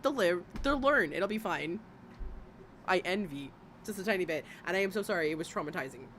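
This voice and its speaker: A woman hosting a casual reaction stream. She swears, laughs and her voice jumps high when excited. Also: brisk, a little hiss or hum.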